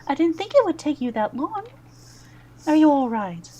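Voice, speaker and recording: A woman's voice: high voice, sing-song, normal speed, warm tone, pitched above the performer's own voice. A woman voicing a worried, matronly older priestess who speaks anxiously and sometimes in a breathless half-whisper. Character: worried matronly older priestess, gray-haired head of temple.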